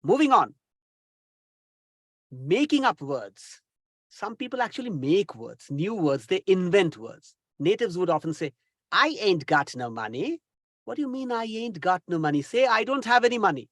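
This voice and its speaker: Animated trainer, dry sound. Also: male voice, sits high, normal speed, dry recording. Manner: exasperated, mocking, teasing asides. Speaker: English communication trainer. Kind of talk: recorded lecture.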